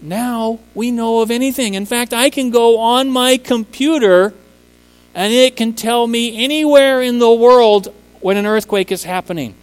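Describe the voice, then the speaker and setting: A man's voice: very high-pitched, a little slow, clean tone, in a large hall, low-quality recording. A man preaching a sermon, speaking emphatically and rising to impassioned peaks on key words. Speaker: preacher and teacher.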